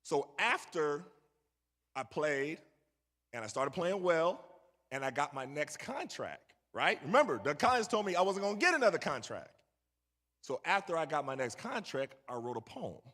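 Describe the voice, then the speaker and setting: A man's voice: on the high side, very animated, normal speed, fairly bright tone. A middle-aged man telling a story to a young audience and bantering with the crowd. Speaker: guest speaker. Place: large church hall. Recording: echoey church hall.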